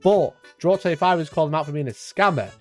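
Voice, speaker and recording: A man giving animated, sweary online-drama commentary, reading posts aloud with mocking asides. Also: fairly high pitch, quick pace, soft background music. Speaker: YouTube commentator.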